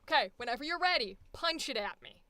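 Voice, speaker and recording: A woman's voice: sits high, expressive, fast talker, bright, forceful tone, slight background noise. An American woman coaching voice acting live, blunt and profane, laughing often. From United States. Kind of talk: live-streamed coaching session.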